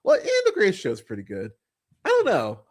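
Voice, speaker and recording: A man's voice: high voice, huge pitch swings, quick pace, a little mellow, breathy edge. A man hosting a casual film podcast, blunt and profane, rambling with lots of fillers. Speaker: podcast host.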